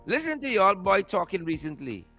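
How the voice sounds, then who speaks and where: Guy ranting about politics, high bright voice, keeps repeating himself, music in the back. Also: brisk. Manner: animated, mocking, repeats phrases for emphasis. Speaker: show host. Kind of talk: political commentary monologue.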